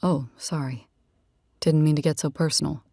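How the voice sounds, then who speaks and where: A woman's voice: deep voice, fairly even intonation, normal speed, warm tone, dry recording, studio quality, voice pushed down. A woman voicing a rugged, teasing young man. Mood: gentle. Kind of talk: audiobook character reading.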